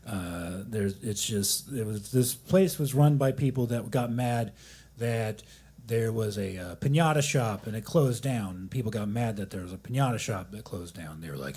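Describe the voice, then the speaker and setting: A man's voice: on the low side, normal speed, darkish tone, slightly rough. A man doing a rambling, self-deprecating comedy set at a coffee shop open mic, often stopping and restarting his sentences.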